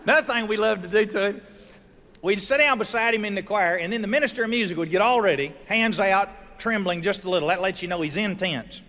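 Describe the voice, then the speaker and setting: High bright comedian in a hall. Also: male voice, fast, a little hiss or hum. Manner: folksy, animated, with sudden loud voiced sound effects. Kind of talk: stand-up storytelling. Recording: live show recording from a hall with audience ambience.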